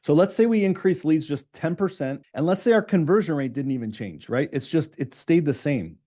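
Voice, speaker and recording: A middle-aged man, a business coach, leading a live online coaching session. He talks fast and keeps asking his audience questions. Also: on the high side, expressive, warm tone.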